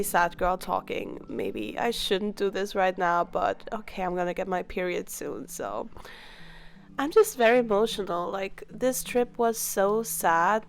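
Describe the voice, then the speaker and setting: Young woman vlogger, candid and emotional, a little gravelly, faint music under her. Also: medium pitch. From Europe. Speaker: travel vlogger. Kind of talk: casual vlog voice-over.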